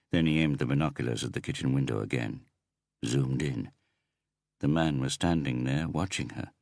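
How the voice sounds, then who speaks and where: A man narrating an audiobook in a measured, even reading. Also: very deep voice, no echo, clean studio sound. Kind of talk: scripted narration.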